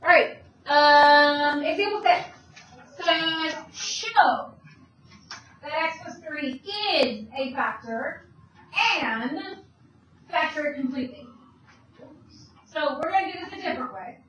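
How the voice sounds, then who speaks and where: Woman teacher, high voice, brisk step-by-step classroom lecture, recorded from across an echoey room. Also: lively intonation, a bit bright. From Italian heritage. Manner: brisk, talks students through steps with questions. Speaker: math teacher. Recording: echoey classroom, voice from far off, faint hum.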